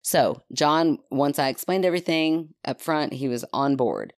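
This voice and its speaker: A woman's voice: low voice, animated, normal speed, dry recording, studio quality. A woman hosting a podcast, chatting casually with laughing asides and reading out a listener's story. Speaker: podcast host.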